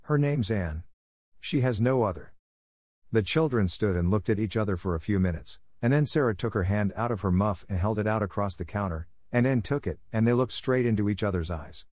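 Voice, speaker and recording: A man reading a classic children's story aloud as a narrator, in a measured, even way. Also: lowish voice, no room sound, studio quality. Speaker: audiobook narrator.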